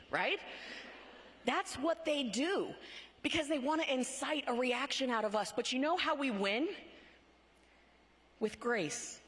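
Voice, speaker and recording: Woman, conference keynote, motivational; high-ish voice, emphatic and punchy, big hall reverb. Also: a bit bright. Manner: emphatic, punchy, frequent rhetorical "right?". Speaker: conference speaker. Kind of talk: motivational speech. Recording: long hall reverb from a large venue.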